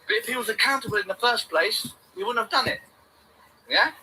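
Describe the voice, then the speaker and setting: A man vlogging in a rambling, excitable, sing-song way, repeating his phrases over and over. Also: extremely high pitch, fairly quick, a little hiss or hum, rough recording. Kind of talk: rambling self-filmed vlog.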